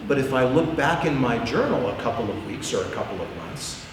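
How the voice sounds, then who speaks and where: A man with a mid-range voice teaches a prayer class informally, candid and self-deprecating, often repeating words as he thinks. His pitch swings widely and he speaks fairly quickly. He's recorded from a distance in an echoey hall with long reverb and a noisy background.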